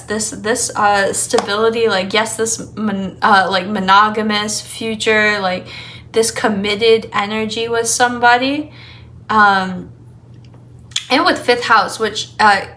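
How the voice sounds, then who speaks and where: A woman giving a casual tarot reading to her viewers, chatty and rambling with lots of filler words, upbeat and quick to laugh. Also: mid-range voice, pushed and bright. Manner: enthusiastic and upbeat, laughing easily. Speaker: tarot card reader.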